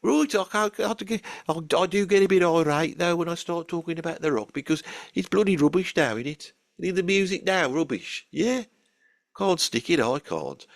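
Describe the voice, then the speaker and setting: A man's voice: fairly high pitch, lively intonation, moderate pace, creaky, no room sound, studio quality. A man with a Birmingham accent telling a grumpy, rambling comic story with casual swearing. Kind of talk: comic character monologue.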